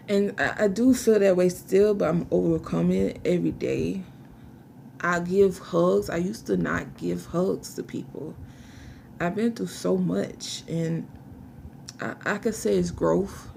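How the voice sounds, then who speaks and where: A young woman giving an emotional personal testimony to a camera, halting and searching for words while fighting back tears. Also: lowish voice, vocal fry, warm tone, slight background noise. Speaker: vlogger telling her life story.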